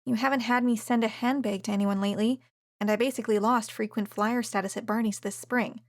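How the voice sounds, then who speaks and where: A woman's voice: on the high side, fairly even intonation, brisk, dry recording, natural voice. A woman voicing a blunt, wry young female assistant who talks in a dry, offhand way.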